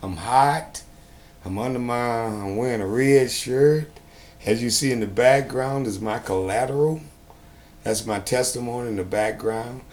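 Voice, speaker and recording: A man talking to the camera in a homemade video, preachy and sarcastic, often rising to loud outbursts. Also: medium pitch, measured pace. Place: indoors at home.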